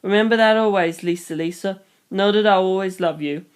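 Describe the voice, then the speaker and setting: A reader voicing a gentle but firm middle-aged mother, speaking calmly and softly as she reassures. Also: medium pitch, a little fast, smooth, natural voice. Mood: tender. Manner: calm, soft-spoken, reassuring. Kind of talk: storybook reading.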